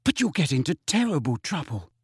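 A man's voice: on the high side, very animated, fairly quick, slightly rough, no echo, studio quality, exaggerated voice. A man voicing an earnest, anxious teenage girl who pleads urgently.

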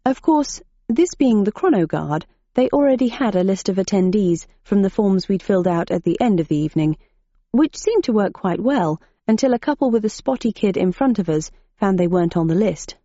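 A woman reading a novel aloud as a narrator, in a dry, measured manner. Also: medium pitch, expressive, warm tone, dry recording. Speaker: audiobook narrator. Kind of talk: scripted narration. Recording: dull muffled audiobook recording.

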